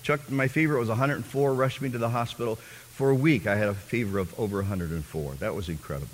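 A man's voice: lowish voice, fast. Fervent preacher man in a reverberant hall. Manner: fervent storyteller, swinging from hushed to loud. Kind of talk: sermon testimony.

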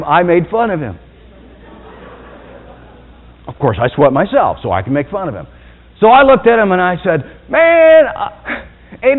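Male pastor, sermon, lively swooping pitch, tinny phone-like sound, long hall reverb, shifts between soft and loud. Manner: dynamic preaching, swinging from soft and low to loud and high.

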